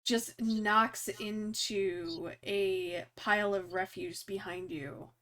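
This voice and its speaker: A woman running a tabletop game as game master, narrating scenes and calling for rolls in a relaxed way with frequent laughter. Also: medium pitch.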